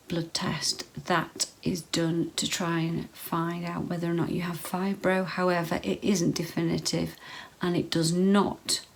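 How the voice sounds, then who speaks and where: Lady vlogging slow and chatty, really gravelly voice, lotta ums. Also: deep voice, low-quality recording. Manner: chatty, repeats herself, many ums. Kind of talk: casual health advice to camera.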